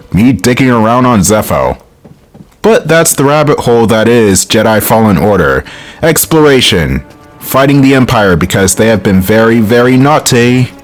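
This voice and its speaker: A man hosting a let's play, giving casual, joking gameplay commentary full of rambling tangents. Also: lowish voice.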